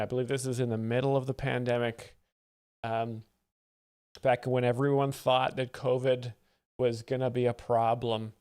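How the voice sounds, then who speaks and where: A man's voice: mid-range voice, smooth. A man hosting a live stream, making dry, wry commentary over comedy clips. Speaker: host explaining jokes.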